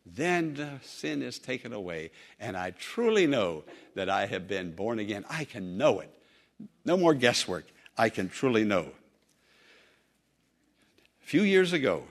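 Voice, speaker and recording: A man preaching a sermon, telling a story and swinging between loud emphatic lines and soft, low asides.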